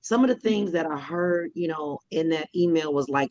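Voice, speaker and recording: A woman's voice: sits low, moderate pace, a little mellow, dry recording. A woman hosting a casual, candid chat, blunt and emphatic with plenty of profanity. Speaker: host. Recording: muffled dry sound.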